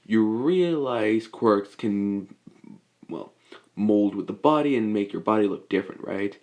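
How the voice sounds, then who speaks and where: A man voicing a confident, blunt teenage boy in a fan-made story, in a low, offhand everyday voice. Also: expressive, unhurried, darkish tone.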